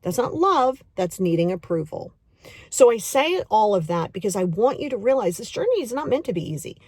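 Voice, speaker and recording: A middle-aged woman hosting a podcast and giving a motivational self-help talk, emphatic and repetitive, coaxing the listener directly and acting out inner voices in quick asides. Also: medium pitch, big pitch swings, darkish tone, no room sound. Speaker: podcast host and self-love coach.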